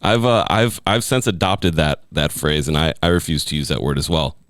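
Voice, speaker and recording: A man's voice: very deep voice, normal speed, fairly bright tone, dry recording, studio quality. A man hosting a casual interview podcast, chiming in with enthusiastic agreement and questions. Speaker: podcast host.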